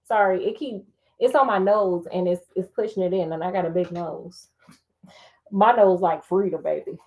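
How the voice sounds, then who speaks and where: At normal speed and with a fairly low voice, a woman storyteller reads a book aloud. She livens it up by stepping away for sassy, joking remarks and laughing asides.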